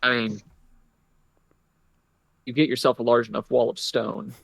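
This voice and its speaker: A man playing a tabletop game, speaking deliberately as he plans his character's moves. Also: medium pitch, level tone, creaky, husky, no room sound. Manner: deliberate, methodical planning of moves. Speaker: player.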